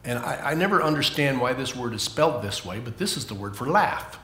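A man leading a children's sermon in church, playful and animated, asking the kids questions. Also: mid-range voice, brisk, reverberant, slight background noise. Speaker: children's pastor.

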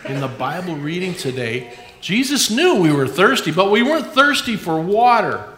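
A pastor giving a playful, animated children's sermon in a church. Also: medium pitch, moderate pace, reverberant, faint music behind.

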